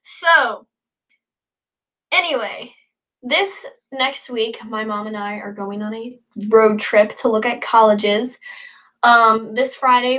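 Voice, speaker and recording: A woman's voice: medium pitch, a bit bright. Young woman, late teens, livestream host; casual, chatty, upbeat, rambling. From northern United States. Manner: chatty, rambling, upbeat, reads comments aloud. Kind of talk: casual livestream chat reading viewer comments.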